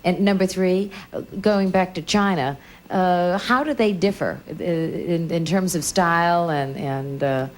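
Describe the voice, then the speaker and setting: A woman on a game show panel, questioning in a brisk, businesslike way. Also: fairly low pitch.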